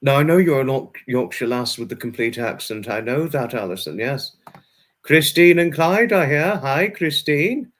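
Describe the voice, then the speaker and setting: A man with a voice of middle pitch hosts a livestream and chats with his viewers. He is friendly and repetitive, and he fills his talk with ums and restarts. He reads the chat aloud and answers each viewer in turn. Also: lively intonation, moderate pace, fairly bright tone. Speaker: livestream host reading chat.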